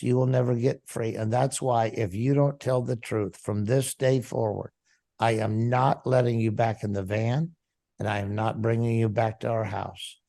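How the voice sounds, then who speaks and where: A man's voice: mid-range voice, flat delivery, normal speed, creaky, warm tone. A man, a pastor, telling a personal story in an interview and acting out the dialogue vividly.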